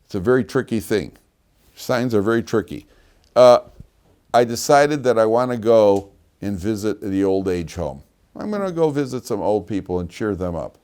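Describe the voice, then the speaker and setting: Man, rabbi giving a lively yeshiva class; lowish voice, animated delivery. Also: moderate pace. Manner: animated storyteller, laughs at his own stories. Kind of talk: lively classroom lecture with anecdotes.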